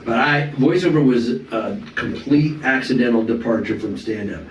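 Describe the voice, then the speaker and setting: A middle-aged man tells stories in a lively, casual way, with a middle pitch and an easy flow. He swears freely and slips into impressions. The recording is echoey, with the mic set back and faint room noise. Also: moderate pace, recorded from a distance. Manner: animated, swearing, slips into character voices. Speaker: comedian and voice actor. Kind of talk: casual storytelling chat.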